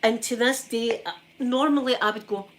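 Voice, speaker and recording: Chatting with her live audience at a normal speed, this Scottish ASMR streamer has a fairly high voice. She tells a story in an easy, animated manner, re-enacting what people said and tacking "right?" onto her lines.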